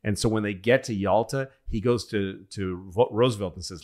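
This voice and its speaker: A man with a fairly low voice tells stories on a comedy podcast. He rambles and swears freely, restarting sentences as he goes. He keeps an easy, conversational tone. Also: normal speed, few pauses, a little mellow. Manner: rambling, profane, restarts often. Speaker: podcast host. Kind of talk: casual comedic storytelling.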